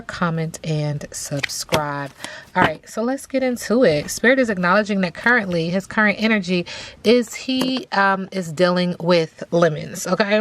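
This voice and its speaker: Chatty low-voiced woman reading tarot. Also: no echo. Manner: chatty, drawn-out, repeats "okay?" for emphasis. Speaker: tarot reader. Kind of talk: casual tarot reading monologue.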